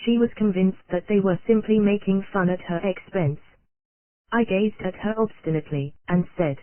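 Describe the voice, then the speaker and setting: An audiobook narrator reads an old psychology text in a steady, even, measured delivery. The sound is squeezed into a narrow, phone-like band. The recording is dry and close, with no room echo. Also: medium pitch.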